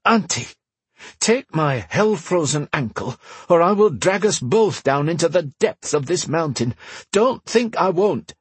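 A man's voice: on the high side, lively intonation, slow, hardly any pauses, a bit bright, slightly rough, dry recording, pitched above the performer's own voice, full character voice. A man voicing a fierce young woman, a queen of the North, who gives orders through clenched teeth. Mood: fierce, commanding.

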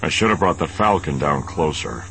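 A man reading an audiobook voices a gruff male smuggler captain who talks in a curt, grumbling way. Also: sits low, sing-song, moderate pace, fairly bright tone, slight background noise, full character voice. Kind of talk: audiobook narration.

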